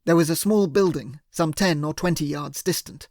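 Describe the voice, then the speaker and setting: A man narrating an audiobook in the first person, in a measured, steady way. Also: a little high, dry recording, clean studio sound.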